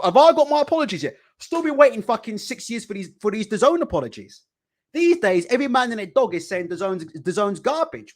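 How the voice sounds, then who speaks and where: Heated, swearing British boxing ranter. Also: male voice, high voice. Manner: heated, profane, repetitive rhetorical questions. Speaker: boxing channel host. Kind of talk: ranting live commentary. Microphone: desk mic.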